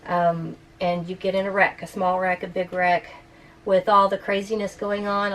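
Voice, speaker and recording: A woman's voice: medium pitch, level tone, moderate pace, distant mic, poor audio. A chatty woman walks through her motorhome for a vlog, explaining features as she shows them. She sits a little away from the mic, and faint ambient noise runs underneath. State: out of breath. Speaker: RV vlogger. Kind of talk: casual walkthrough of a motorhome.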